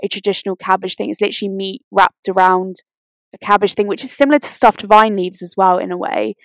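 A woman's voice: medium pitch, fairly even intonation, fast, dry recording. A woman co-hosting a podcast, chatting casually and enthusiastically with lots of "you know". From Britain. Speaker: podcast co-host. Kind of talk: casual chat.

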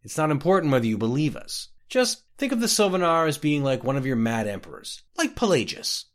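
A man doing a calm stout wood elf. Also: fairly high pitch, a little fast, voice pushed up. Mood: explaining.

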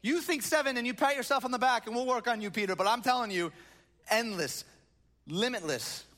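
A man's voice: extremely high pitch, brisk, sharp tone. A man preaching a sermon from a stage, reading scripture and breaking into conversational, joking asides. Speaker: pastor. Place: church stage.

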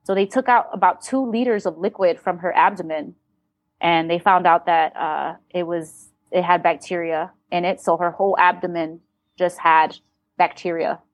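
A woman's voice: on the low side, steady tone, moderate pace, dry recording. A woman talking as an interview guest, telling a personal story candidly and bluntly, with swearing and re-enacted dialogue.

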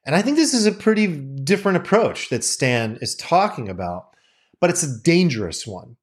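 Male podcast host, lively pitch, candid conversational delivery with casual swearing. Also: normal speed. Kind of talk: casual explanatory monologue.

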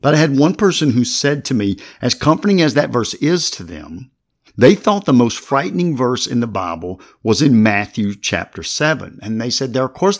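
A mid-pitched male podcast host teaching from the Bible. He works through each passage step by step and reads verses aloud with their chapter and verse. His delivery is conversational and explanatory. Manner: reads scripture aloud with references.

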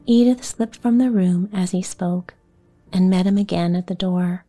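A woman narrating a bedtime story in a soft, half-whispered, soothing way. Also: fairly low pitch, faint music behind. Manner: soft, slow, partly whispered. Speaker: podcast host, bedtime story reader.

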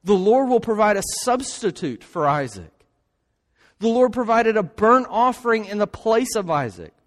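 A man's voice: high-pitched, big pitch swings, moderate pace. A man preaching a sermon in an emphatic way, often tossing in rhetorical asides. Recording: long hall reverb.

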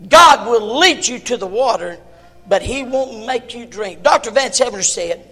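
A male pastor preaching a sermon in a church, swinging between shouts and hushed tones. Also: very high-pitched, animated, measured pace, big-room sound.

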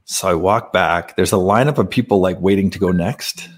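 A man with a slightly low voice talks as a podcast guest. He tells a personal spiritual story in an earnest, casual way. He laughs often and fills his speech with "like.". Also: normal speed. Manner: earnest, laughing, many fillers.

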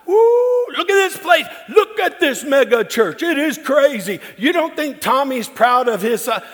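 A man putting on a loud, gushing older uncle who brags and whoops. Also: extremely high pitch, animated, normal speed, voice pushed up. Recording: long reverb in a large hall.

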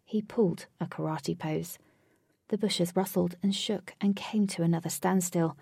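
A woman telling a children's adventure story, her voice dark, husky and gravelly. She often sinks into a hushed whisper for suspense. The recording is close and dry. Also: lowish voice, fairly even intonation, moderate pace, no echo.

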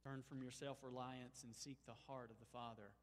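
A man preaching a sermon as a pastor, moving between emphatic, rising exclamations and quiet, pleading passages. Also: mid-range voice, little pitch movement, a little fast, long reverb tail, slight background noise. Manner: emphatic, swings from soaring exclamations to hushed pleading.

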